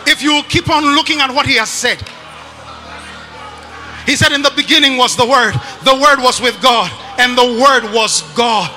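A man preaching a sermon to a congregation, emphatic and often shouting, repeating his phrases for effect. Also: extremely high pitch, moderate pace, in a large hall, faint music behind.

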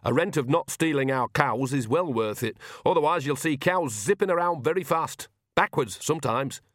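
A shameless old witch woman, as a man puts her on who talks in a blunt, bawdy, down-to-earth way. Her pitch sits a little raised and leaps about. The audiobook recording is dry. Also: lively intonation, normal speed, a bit bright, no room sound. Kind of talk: audiobook reading.

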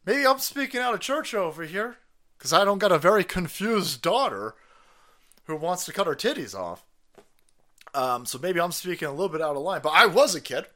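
A man hosting a livestream, ranting in a profane, sarcastic, mocking way with sudden loud outbursts. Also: high-pitched, sing-song, moderate pace. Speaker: livestream commentator. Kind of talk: profane political rant.

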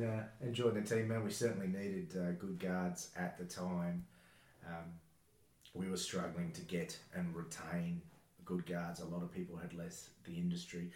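Man, deep voice, opinionated host, echoey room. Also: flat delivery, normal speed, a little mellow. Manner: opinionated, reflective. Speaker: podcast host. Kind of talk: casual podcast chat.

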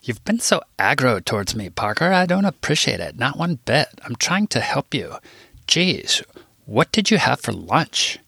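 A man's voice: medium pitch, sing-song, moderate pace, vocal fry, bright, forceful tone, husky, no echo, voice pushed up, exaggerated voice. A man voicing a large, petulant, weepy man who speaks indignantly and slings crude insults.

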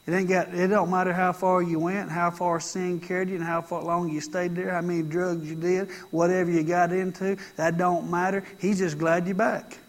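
A man's voice: high voice, flat delivery, moderate pace, few pauses. A man preaching a sermon in a conversational style, driving his points home with emphatic repetition. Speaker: pastor.

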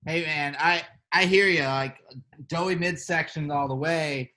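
Podcast co-host, male, slightly high pitch, loose and rambling. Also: a little slow, sharp tone. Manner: rambling, heavy on fillers. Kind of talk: casual chat.

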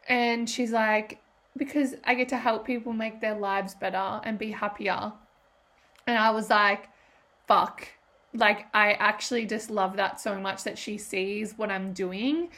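A woman's voice: mid-range voice, fairly bright tone. A woman, hosting a solo podcast in a rambling, emotional way and swearing freely. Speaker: podcast host. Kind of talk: casual solo podcast talk.

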